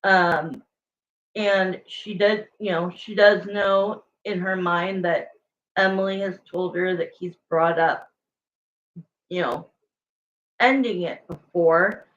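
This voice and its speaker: Slow, rambling woman reading tarot. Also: medium pitch, dull audio. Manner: rambling, full of "like" and "you know". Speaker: tarot reader. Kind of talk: casual spoken tarot reading.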